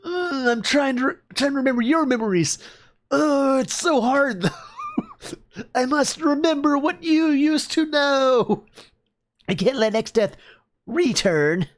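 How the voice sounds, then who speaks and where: A man voicing a forgetful old male warrior who strains to remember, in a high, halting voice. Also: wildly swooping pitch, full character voice. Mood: straining.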